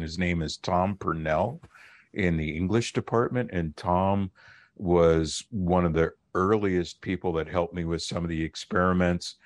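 Deep-voiced middle-aged man explaining. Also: no echo. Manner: measured, explanatory, with occasional fillers. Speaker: linguist and professor, radio guest. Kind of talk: radio interview.

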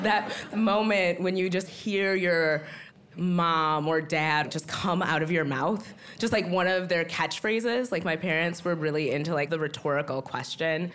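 A woman's voice: lowish voice, fairly bright tone, a little hiss or hum. A woman in her thirties telling a personal story live on stage at an open-mic story slam, chatty and laughing often.

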